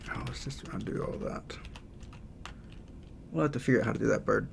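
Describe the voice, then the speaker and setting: A man's voice: lowish voice, fairly quick, vocal fry, whispered. A man chatting casually on a livestream while he draws, thinking aloud and answering chat. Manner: relaxed, thinking aloud, reads out chat messages. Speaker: game developer streaming live.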